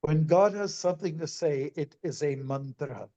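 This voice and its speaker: A man, a monk, giving a scripture class as a sermon in a deliberate way, repeating words for emphasis. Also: on the high side, mellow, low-quality recording. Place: temple.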